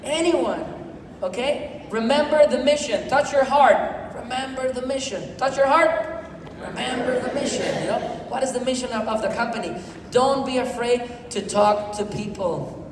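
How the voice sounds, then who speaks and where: A man giving an energetic motivational talk at a sales event, repeating himself and dropping "you know" often, in imperfect non-native English. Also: extremely high pitch, moderate pace. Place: event hall with audience. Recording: echoey hall from far off, noisy.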